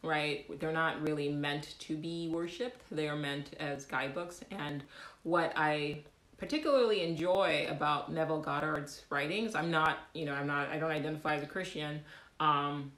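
A woman hosting a casual livestream, talking in an animated way with frequent laughs, fillers and restarts. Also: sits low, moderate pace, reverberant. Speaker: livestream host.

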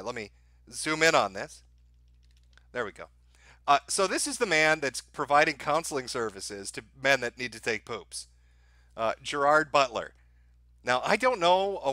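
A man's voice: fairly high pitch, bright, forceful tone, dry recording. A man hosting a live stream, reacting with profane, laughing, mocking commentary. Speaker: stream host.

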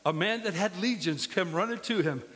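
A pastor preaches with passion and plenty of storytelling in a church sanctuary. His voice is high and fairly bright, at a moderate pace, with a long reverb tail trailing each phrase.

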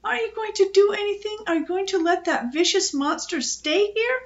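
A woman's voice: normal speed, highs cut off. A woman voicing a timid young girl who shrieks and wails in panic. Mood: terrified. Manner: shrill panicky wailing.

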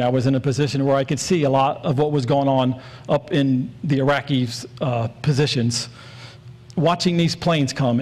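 A man's voice: medium pitch, darkish tone. A man in his forties preaching a sermon in an earnest, storytelling way, leaning on repeated phrases.

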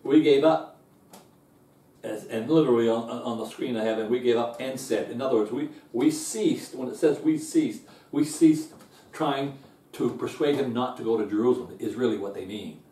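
A man's voice: steady tone, normal speed, roomy sound, distant mic. A man teaching a Bible lesson in an earnest way, restarting and repeating words, his voice rising when he stresses a point. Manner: rises in pitch and loudness when stressing a point.

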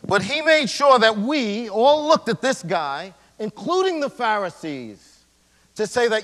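High, lively-voiced male pastor preaching. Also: measured pace. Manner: swings between loud emphasis and hushed near-whispers; casual slangy preaching. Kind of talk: sermon. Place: church sanctuary. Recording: long church hall reverb.

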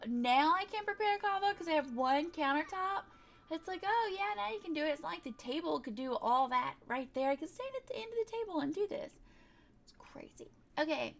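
Woman, high voice, chatty gameplay commentator who talks back to the game, exasperated asides. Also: fairly bright tone. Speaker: gaming YouTuber.

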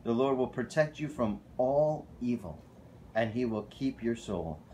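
A male pastor preaching a casual, animated sermon at a church fellowship. He often tells stories and corrects himself mid-sentence. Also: mid-range voice, measured pace, a little hiss or hum. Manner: animated, storytelling, self-correcting.

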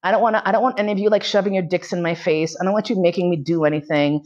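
A woman lecturer with a lowish voice tells a frank, bawdy story with lots of energy and frequent laughter. The recording sounds a little dull and lo-fi. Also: rapid-fire, few pauses, a little mellow.

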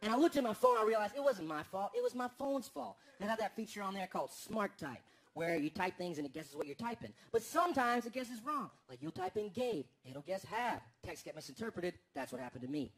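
A man doing a stand-up comedy set on stage, telling stories deadpan and then bursting into loud, exaggerated rants. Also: high-pitched, fairly quick. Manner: deadpan storytelling that breaks into loud, exaggerated outbursts. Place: comedy stage before a live audience. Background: audience laughter and applause.

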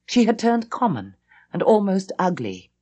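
A woman reading a classic ghost story aloud, with an intense, expressive storytelling manner. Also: medium pitch, normal speed. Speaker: audiobook reader. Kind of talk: dramatic audiobook narration.

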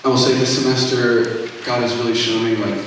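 A man's voice: medium pitch, flat delivery, brisk, a bit bright, slight background noise. A young man giving a casual, rambling testimony between songs at a student concert, full of fillers and self-corrections. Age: young adult. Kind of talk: informal spoken testimony at a concert. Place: concert hall. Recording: echoey hall, heard from far off.

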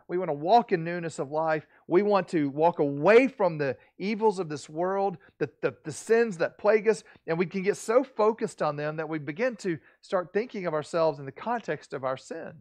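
A middle-aged man preaching from the pulpit with a slightly high-pitched voice. He speaks earnestly and emphatically, stumbling into restarts and pressing harder on key words. His delivery swells toward the lines he most wants to land. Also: no echo. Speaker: pastor. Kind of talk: sermon.

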